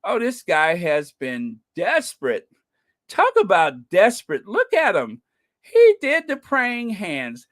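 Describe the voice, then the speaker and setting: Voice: mid-range voice, wildly swooping pitch, takes it slowly, a bit bright. A channel host giving casual, scornful commentary, reading comments and news items aloud and often breaking into laughter.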